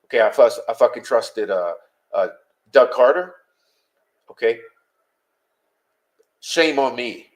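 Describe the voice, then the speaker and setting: A man's voice: mid-range voice, expressive, takes it slowly, pauses often. A man hosting a live-stream, talking bluntly and heatedly to his chat, swearing often as he vents. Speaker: podcast host.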